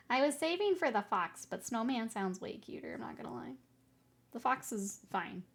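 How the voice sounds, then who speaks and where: A woman's voice: fairly high pitch, sing-song, a little slow, long pauses, husky. Giggly woman streamer chatting casually. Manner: giggly, laughs often between remarks; playful, rambling and self-mocking. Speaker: streamer painting miniatures. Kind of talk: casual chat with viewers.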